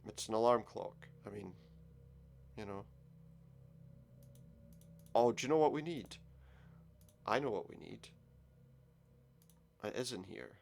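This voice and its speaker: A man's voice: lowish voice, expressive, takes it slowly, vocal fry, long pauses, a little hiss or hum. A man giving casual commentary while playing a game, muttering his thoughts aloud. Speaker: let's play gamer.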